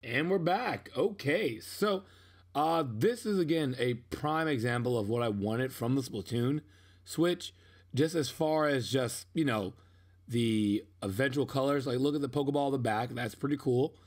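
A man's voice: mid-range voice, a little slow. Young male vlogger, casual voice-over, rambling and self-mocking, prone to sudden outbursts. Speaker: unboxing vlogger.

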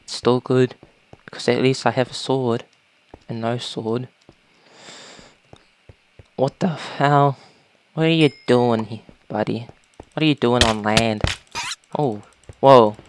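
A woman casually commentating a video game, talking to creatures and breaking into panicked shouts. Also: very deep voice, takes it slowly, long pauses, noisy background. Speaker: gaming YouTuber.

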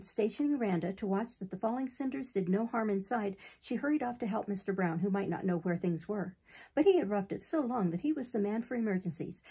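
A woman reading a classic novel aloud in a steady, unhurried way. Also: medium pitch, vocal fry, husky. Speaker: audiobook reader.

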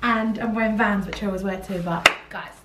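A woman's voice: mid-range voice, fairly even intonation, brisk, roomy sound, very noisy. A young woman giggling and teasing as she chats through a travel vlog. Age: young adult. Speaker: vlogger. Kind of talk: casual vlog chat. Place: train station, hotel corridor and room.

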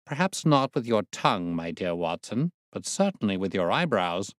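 A man reading a storybook voicing a sharp, amused male detective who explains his reasoning precisely. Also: on the low side, sing-song, moderate pace, dry recording, clean studio sound. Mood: amused, explaining. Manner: precise, explanatory, lightly teasing. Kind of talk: audiobook reading.

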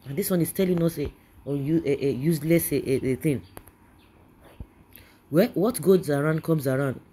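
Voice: mid-range voice, moderate pace, warm tone, slight background noise. A political commentator with a Nigerian accent, giving an indignant opinion rant that keeps circling back and repeating phrases.

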